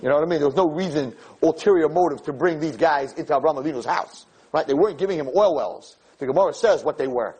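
A man, a rabbi, giving a Torah lecture full of stories, acting out dialogue and building to near-shouted emphasis. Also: a little high, fast, hardly any pauses, husky.

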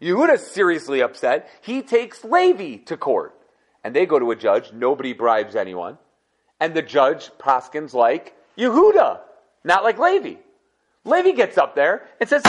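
A man teaching a casual Torah class, telling stories in an animated, conversational way. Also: on the high side, moderate pace.

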